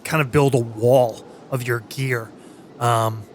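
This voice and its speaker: A man narrating as game master in a tabletop game, halting and full of fillers and restarts. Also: medium pitch, fairly even intonation, a little hiss or hum.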